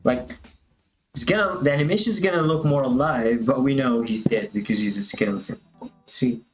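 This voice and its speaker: A man's voice: mid-range voice, normal speed, over music. A man casually thinking aloud as he walks through his animation work on a stream, musing and drifting a little, with a touch of self-amusement.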